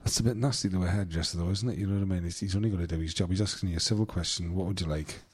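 A man's voice: deep voice, racing, darkish tone, breathy edge. A man, joking in casual comedic banter, teasing his friend and acting out mock dialogues. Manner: teasing, acts out mock dialogues, rambling restarts.

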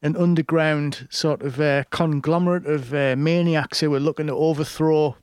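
A man's voice: fairly high pitch, fairly even intonation, moderate pace, a little mellow, clear, resonant tone, no room sound, clean studio sound. A man telling a long film story in a casual chat, rambling with many fillers and restarts.

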